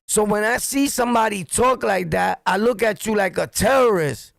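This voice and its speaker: Gravelly high-voiced New York man ranting. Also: normal speed, no echo. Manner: blunt, profane, animated storytelling. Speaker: streamer and commentator. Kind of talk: heated street-talk monologue.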